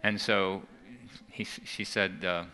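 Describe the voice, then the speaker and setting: A man's voice: deep voice, flat delivery, slow pace, bright, forceful tone, smooth. A man giving an earnest talk to a church audience, often restarting and repeating words. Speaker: seminar speaker.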